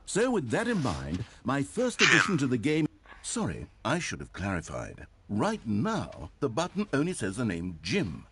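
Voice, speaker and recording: A man's voice: mid-range voice, huge pitch swings, normal speed, fairly bright tone, husky, exaggerated voice. A man voicing a wry adult male video game narrator who talks in a dry, mock-sincere, teasing way.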